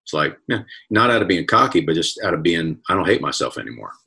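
A man's voice: deep voice, big pitch swings, fast talker, gravelly, sharp tone, slightly rough. A man who is a comedian and author, telling candid, reflective stories in a casual interview over a video call. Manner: chatty, reflective anecdotes with self-quoting.

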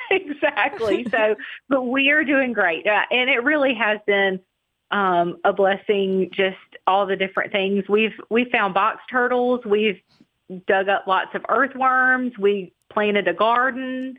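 A woman's voice: mid-range voice, sing-song, slow. Cheerful woman on a tinny phone line. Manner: cheerful, chatty. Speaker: adoption agency director. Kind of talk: interview over the phone.

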